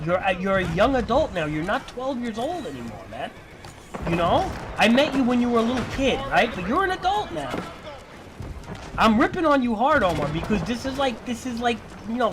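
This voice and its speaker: High-voiced guy lecturing on stream, keeps repeating himself, swears a lot, very animated. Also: normal speed, background noise. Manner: lecturing, repetitive, profane. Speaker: livestreamer. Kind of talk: casual stream rant.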